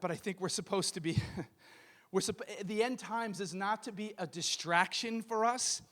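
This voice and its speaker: Male pastor, sermon, very high voice, bright forceful tone, emphatic, shouting at peaks. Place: church sanctuary.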